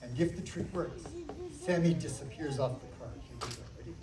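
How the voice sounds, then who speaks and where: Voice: mid-range voice, brisk. A children's magician performing a live show, playfully coaxing the audience with countdowns and a magic word. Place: library activity room, indoors. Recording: distant, echoey, loud crowd noise. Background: noisy crowd of children.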